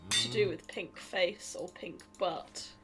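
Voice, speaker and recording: A young woman from Britain co-streaming a game, chatty and quick to laugh. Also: medium pitch, creaky, over loud music. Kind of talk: casual game stream chat. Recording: faint keyboard clicks behind.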